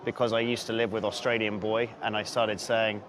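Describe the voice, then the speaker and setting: Playful dating coach chatting on a street. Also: male voice, lowish voice, level tone, normal speed, fairly bright tone, a little hiss or hum. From London. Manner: chatty, playful, flirty banter. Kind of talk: casual chat, livestream. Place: city street outdoors at evening. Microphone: handheld mic with phone camera.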